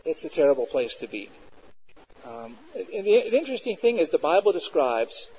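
An earnest man preaching a sermon, his voice sitting a little higher than most men's. He talks reflectively, sometimes slowing down and laughing softly. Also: rough recording. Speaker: pastor.

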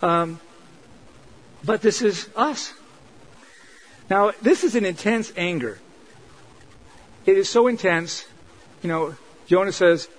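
High-voiced preacher giving an earnest sermon. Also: male voice, expressive, slow, long pauses, rough recording. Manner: earnest, conversational preaching with emphatic repetition. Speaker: pastor.

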